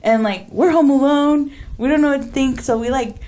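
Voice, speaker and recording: A young woman co-hosting a podcast, telling a story in a casual, animated way with lots of fillers and laughter. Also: high voice, normal speed. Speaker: podcast co-host.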